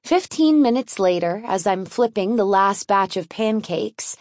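A woman's voice: medium pitch, animated, a little slow, darkish tone, dry recording. A woman narrating an audiobook in a wry, conversational first-person storytelling manner, recorded in a dry booth.

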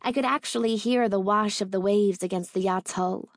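A woman narrating a first-person romance audiobook in a measured, intimate way. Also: mid-range voice, no room sound, studio quality.

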